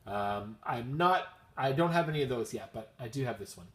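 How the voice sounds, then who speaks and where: A man's voice: medium pitch, lively intonation, normal speed. A man with a Canadian accent, chatting casually and upbeat at home as he shows off his comic haul, wandering into rambling asides. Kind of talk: casual chat.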